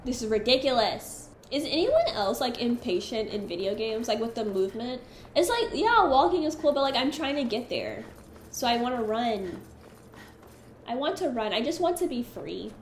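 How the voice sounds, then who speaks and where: A woman's voice: a little high, sing-song, moderate pace, reverberant, slight background noise. A woman giving chatty, easily exasperated let's-play commentary while she plays. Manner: chatty, easily exasperated, talks to her companion. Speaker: gaming streamer.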